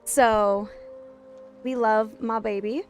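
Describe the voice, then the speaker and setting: A woman streaming from home late at night, chatting casually, laughing often and cooing softly to her toddler. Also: a little high, steady tone, slow pace, faint music behind. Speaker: game streamer and mother. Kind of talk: casual live-stream chat.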